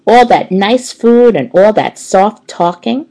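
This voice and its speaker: A woman narrating a children's audiobook in an expressive, unhurried storytelling manner. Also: mid-range voice, creaky, rough recording.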